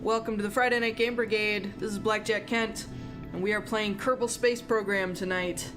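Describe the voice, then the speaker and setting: A woman hosts a live game stream in easy, casual chat, thanking and welcoming viewers. Her voice sits at a middle pitch with an upbeat, chatty manner. Loud game music plays under her talk. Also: steady tone, normal speed.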